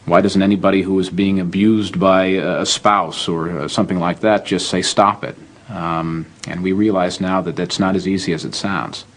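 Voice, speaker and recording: A man's voice: low voice, steady tone, normal speed, few pauses. A man interviewed as a former guard, speaking candidly and ruefully.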